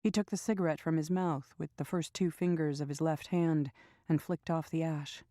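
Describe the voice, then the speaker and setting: Woman audiobook narrator, low mellow voice, steady measured delivery. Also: dry recording, studio quality.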